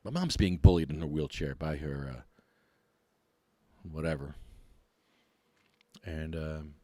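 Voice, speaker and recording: A middle-aged man, hosting a podcast and ranting in a mocking, animated way. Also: very deep voice, slow pace, no echo. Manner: animated, mocking, laughs often. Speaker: podcast host.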